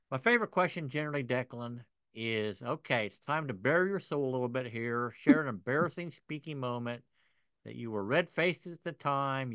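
Male podcast host, mid pitch, dry and close, conversational questions. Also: fairly bright tone, no echo. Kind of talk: interview hosting.

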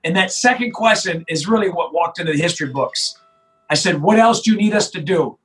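A middle-aged man, a sheriff recounting a tense moment in an interview. His voice sits high for a man, and he talks with insistent emphasis, often doubling back on his own words. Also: a little fast, poor audio. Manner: emphatic, animated retelling with restarts. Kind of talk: interview storytelling.

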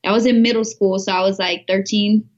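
A woman co-hosting a casual chat, telling a story with laughs and hesitant pauses. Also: mid-range voice, fairly even intonation, muffled recording. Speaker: podcast co-host.

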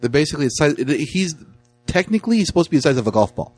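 Fast, lively joking man. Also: fairly high pitch. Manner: playful, chimes in with quick jokes and explanations. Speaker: movie review podcast co-host. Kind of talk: casual chat.

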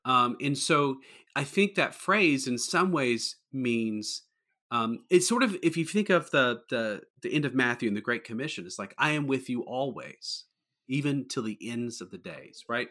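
A man's voice: medium pitch, lively intonation, normal speed, bright, forceful tone. A man, a pastor, talking earnestly in a casual podcast conversation, often restarting his sentences. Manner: earnest, rambling with many restarts.

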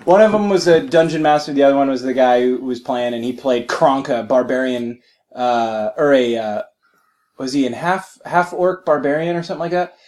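A man's voice: mid-range voice, normal speed, darkish tone. A young man chatting casually, telling a rambling, joking story and laughing often. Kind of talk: casual chat.

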